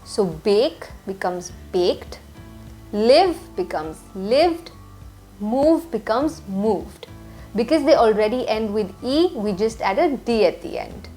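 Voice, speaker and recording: A woman teaching an English grammar lesson, slowly spelling out letters and examples with careful, clear explanation. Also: fairly high pitch, expressive. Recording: soft music behind the voice.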